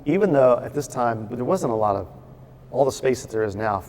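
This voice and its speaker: A man of medium pitch, a guest who owns a brewery, tells a long story in a casual chat, giving each character life with quick quoted lines and lively restarts. He's recorded in his brewery, and a faint room hum sits beneath his voice.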